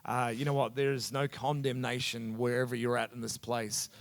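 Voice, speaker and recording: A man's voice: mid-range voice, little pitch movement, brisk. A middle-aged man from New Zealand with a New Zealand accent, a pastor talking earnestly in a casual conversation on stage. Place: church hall. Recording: echoey hall reverb.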